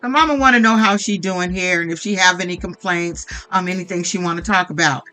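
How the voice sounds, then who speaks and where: A woman's voice: lowish voice, brisk, pushed and bright, faint music behind. A woman giving casual reality TV recap commentary in a blunt, profane and opinionated way. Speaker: vlogger recapping a reality show.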